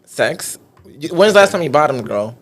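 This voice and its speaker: A man's voice: a little high, sing-song, normal speed, a little hiss or hum. A man hosting a podcast, chatting casually and laughing often as he leads a game. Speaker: podcast host. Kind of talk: casual chat.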